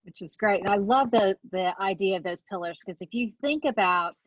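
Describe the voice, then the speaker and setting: A woman with a Southern US accent hosting a podcast, warmly affirming her guest. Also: medium pitch, a little fast, no room sound, highs cut off. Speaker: podcast host. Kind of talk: casual podcast conversation.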